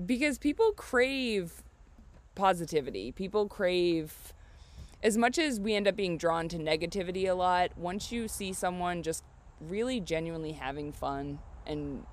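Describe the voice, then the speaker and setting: A host interviewing a guest in a reflective, affirming, measured way. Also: medium pitch, expressive. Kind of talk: conversational interview.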